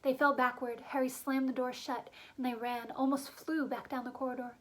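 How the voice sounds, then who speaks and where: Brief: woman with a high voice, reading a story aloud briskly. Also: little pitch movement, poor audio. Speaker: reader. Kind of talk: audiobook narration.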